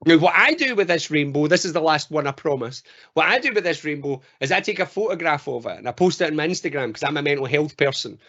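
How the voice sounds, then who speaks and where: Animated Scottish man telling a story. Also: a little high, quick pace. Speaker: mental health trainer. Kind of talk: online training talk. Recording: dull lo-fi call audio.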